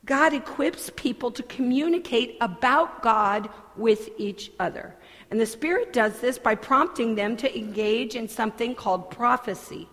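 A woman pastor delivering a sermon in a church sanctuary, earnest and deliberate, with conversational asides. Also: a little high, a bit bright. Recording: long hall reverb.

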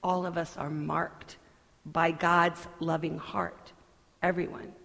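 A woman pastor delivering a sermon in a church sanctuary, earnest and deliberate, with conversational asides. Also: lowish voice, little pitch movement, vocal fry, fairly bright tone. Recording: long hall reverb.

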